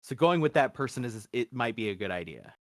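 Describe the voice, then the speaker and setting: A man runs a tabletop game in a mid-pitched voice, loose and chatty with plenty of filler sounds. The sound is dry and close, with no room echo. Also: quick pace. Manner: relaxed, frequent fillers and laughs. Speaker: game master.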